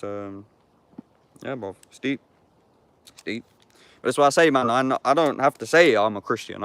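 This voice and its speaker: A man's voice: medium pitch, a bit bright, no echo. A man of about thirty, vlogging casually outdoors in the woods, reading scripture aloud and reflecting on it in slangy, sweary street talk. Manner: slangy street talk, swears often, calls the listener "bruv". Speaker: YouTuber.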